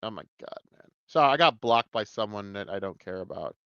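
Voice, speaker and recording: Excitable, profane man ranting a review. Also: fairly low pitch, a little fast, smooth, dry recording, dull audio. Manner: excitable, profane, jumps between shouting and muttering. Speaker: TV show reviewer. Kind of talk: casual video review rant.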